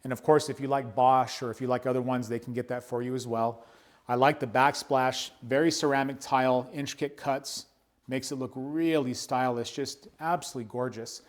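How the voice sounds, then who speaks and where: A man in a real estate role gives an upbeat, casual walkthrough of a house. He talks as he walks from room to room and points out details along the way. His voice sits at an ordinary middle pitch. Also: fairly even intonation, normal speed. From United States. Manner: enthusiastic, chatty, points things out as he walks. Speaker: real estate broker giving a home tour. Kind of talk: walkthrough home tour narration. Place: indoors in a large house, walking room to room.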